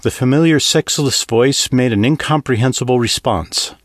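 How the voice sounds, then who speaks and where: A man narrating a science-fiction audiobook in an expressive, varied reading. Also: mid-range voice, normal speed, dry recording, studio quality.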